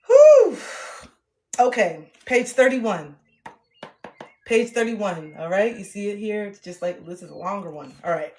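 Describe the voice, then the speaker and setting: A woman livestreaming, chatting casually with her viewers and reading passages aloud from her own self-help book, playful and sassy. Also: mid-range voice. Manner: playful and sassy, with frequent laughter and drawn-out self-talk.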